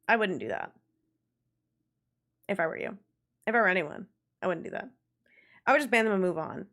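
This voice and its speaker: Young woman, game streamer, casual chat, animated, laughs a lot, swears freely. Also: mid-range voice, normal speed.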